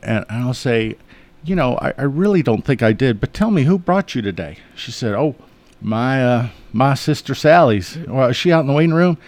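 A man's voice: medium pitch, animated, moderate pace, a little mellow, no room sound. A man, an eye surgeon guest in a radio studio, telling funny patient stories in a folksy, chuckling way. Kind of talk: relaxed anecdotal storytelling.

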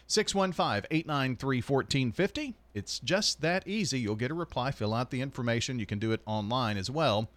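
A man hosting a morning radio show, reading sponsor announcements in a brisk announcer manner with light banter. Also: medium pitch, expressive, fairly bright tone, dry recording. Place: radio studio.

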